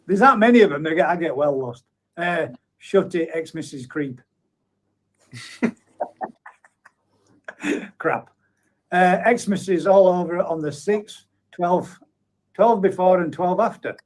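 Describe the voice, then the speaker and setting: A man's voice: high voice, takes it slowly, pauses often. A man hosting a live stream, chatting in a matey way and reading out viewer comments with frequent chuckles. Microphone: streaming setup at a computer.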